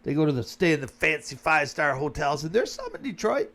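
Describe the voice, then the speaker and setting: A man's voice: a little high, sing-song, fairly quick, a bit bright. A man from Flint, Michigan, giving a blunt, colloquial opinion monologue as a vlogger.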